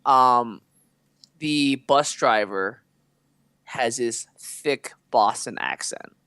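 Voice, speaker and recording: A man co-hosting a podcast with a smooth, resonant voice, recorded close and dry. He tells his story in a loose, rambling way, full of fillers and asides. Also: medium pitch, drawn-out words, bright, forceful tone, dry recording. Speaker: podcast co-host. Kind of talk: casual storytelling chat.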